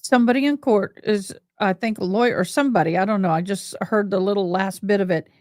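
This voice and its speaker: A woman's voice: mid-range voice, fast, a little mellow, no echo, clean studio sound. A woman from Missouri, hosting a livestream in a chatty, rambling, folksy way. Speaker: livestream host. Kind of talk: casual livestream chat.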